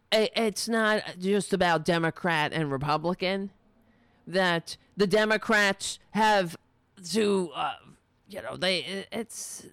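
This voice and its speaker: A woman's voice: lowish voice, fairly bright tone, clear, resonant tone, no echo. A woman hosting a live political stream, ranting in a heated, profane and sarcastic way. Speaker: political livestream host. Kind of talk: angry political rant.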